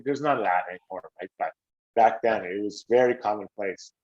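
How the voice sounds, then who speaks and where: On a podcast, a middle-aged Canadian man who used to play hockey tells stories in a relaxed, animated way, raising his pitch to act out quotes. He speaks fairly quickly, and the lo-fi audio sounds slightly dull.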